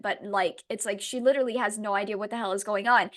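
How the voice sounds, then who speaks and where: A woman's voice: mid-range voice, fast. A young woman co-hosting a book podcast, chatting casually and animatedly, swearing and acting out quotes. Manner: animated, swearing, dramatic quoting. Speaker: podcast co-host. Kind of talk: casual chat.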